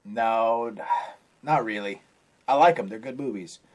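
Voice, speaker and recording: A man's voice: on the low side, unhurried, crowd noise. Man joking through casual podcast chat. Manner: relaxed, joking, quotes movie lines. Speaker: podcast co-host.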